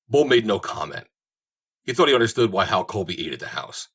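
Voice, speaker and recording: A man narrating a western audiobook in a steady storytelling manner. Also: on the low side, fairly quick. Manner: steady storytelling, voicing each character.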